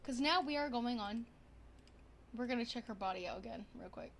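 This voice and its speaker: A young woman streaming a life-sim game, chatting casually to viewers in a bubbly, excitable way, gasping and repeating herself. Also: a little high, a little fast, slight background noise. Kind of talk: casual gaming stream chat.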